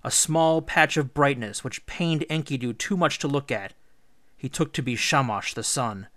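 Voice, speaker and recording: A teacher reading a storybook aloud in a measured, expressive way. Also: male voice, mid-range voice, dry recording. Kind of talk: read-aloud storybook narration.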